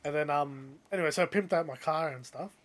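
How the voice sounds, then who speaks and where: A young man tells a story in a relaxed, chatty way. His voice sits a little high, and he grows loud and lively when he acts out what other people said. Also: fast. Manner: animated, rising loud when quoting others. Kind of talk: casual storytelling.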